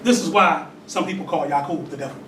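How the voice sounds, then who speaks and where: A man in his forties teaches a congregation in a temple. His voice is high, and the mic sits far from him in an echoey hall with steady noise behind. He asks questions of the room and laughs between points. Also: fast talker. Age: 40s. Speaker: religious teacher. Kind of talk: sermon with call and response.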